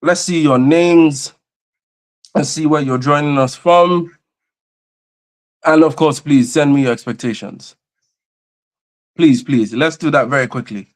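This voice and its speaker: A man's voice: fairly high pitch, unhurried, long pauses. A man hosting a livestream, greeting viewers by name and repeating his phrases with lots of energy. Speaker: host and convener of a livestream. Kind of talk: livestream opening chat.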